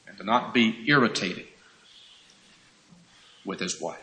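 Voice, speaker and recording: A man's voice: on the low side, slow, bright, forceful tone. A man preaching a sermon, emphatic and full of rhetorical questions, mimicking irritated husbands. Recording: echoey hall reverb, cassette recording.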